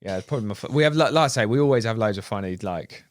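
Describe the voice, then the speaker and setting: A man with an English accent telling an animated anecdote in casual podcast chat, laughing and mimicking other people's voices as he goes. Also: fairly low pitch, racing, no room sound. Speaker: videographer. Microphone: studio podcast mic.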